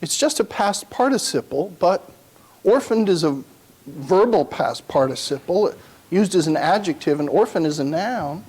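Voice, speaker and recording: A man giving a university lecture, thinking aloud and reading quotations slowly and solemnly. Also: high voice, lively intonation, a little mellow, slightly rough.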